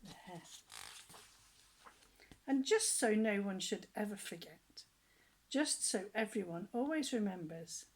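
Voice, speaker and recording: Slow, gentle woman reading a storybook. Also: mid-range voice, lively intonation, low-quality recording. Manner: gentle, chatty asides, some lines whispered. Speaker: reader of children's books. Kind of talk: reading a picture book aloud to children.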